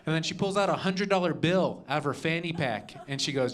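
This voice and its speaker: A man's voice: a little high, expressive, a little fast. Young male comic working a live room. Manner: punchy, adds "okay?" and "all right?" after jokes. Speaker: stand-up comedian. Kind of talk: stand-up comedy set. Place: comedy club stage.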